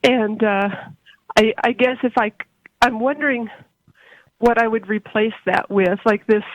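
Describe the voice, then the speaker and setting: A woman in her forties calling in on the phone, halting and emotional, often repeating her words. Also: fairly high pitch, fairly even intonation, no echo. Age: 40s. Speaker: caller. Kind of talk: call-in conversation. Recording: dull phone line.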